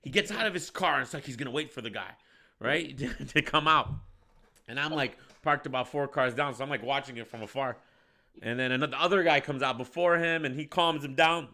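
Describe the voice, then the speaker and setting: A man's voice: mid-range voice, a little fast, vocal fry. A man telling a story in casual chat, acting out the people in it and laughing often. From Michigan, United States. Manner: animated storyteller, acts out voices, laughs often. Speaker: podcast host.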